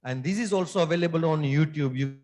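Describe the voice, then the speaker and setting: A man's voice: on the high side, fast, a little mellow, low-quality recording. A middle-aged man, a surgeon answering conference questions in an emphatic, lecturing way.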